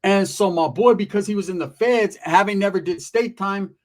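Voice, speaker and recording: A man's voice: sits high, normal speed. A man, telling a story in a casual, slangy and profane way. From Merced area, California.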